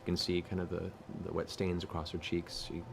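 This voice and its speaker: A man as game master narrating a tabletop role-playing game, describing scenes in a measured way with hesitant fillers. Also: deep voice, completely flat delivery, creaky, background noise.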